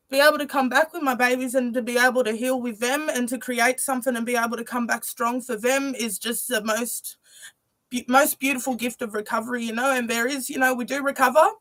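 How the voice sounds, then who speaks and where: Woman, young adult, fairly high voice, earnest, heartfelt livestream talk, lots of "you know". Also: a bit bright, no echo. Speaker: musician presenting her music video premiere.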